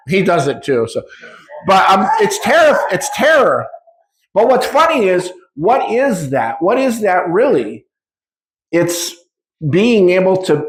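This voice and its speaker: A man in his fifties giving an informal spiritual talk to a live audience, speaking conversationally and acting out little dialogues. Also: high voice. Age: 50s. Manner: conversational, acts out dialogue with shifting speed. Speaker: spiritual teacher. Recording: roomy echo.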